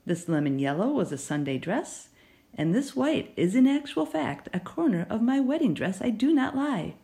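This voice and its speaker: A woman's voice: a little high, sing-song, moderate pace, creaky, voice pushed up. Woman doing a wandering old grandmother. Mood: reminiscing. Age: older. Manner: gentle, wandering, amused. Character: confused elderly Southern grandmother, farm-raised.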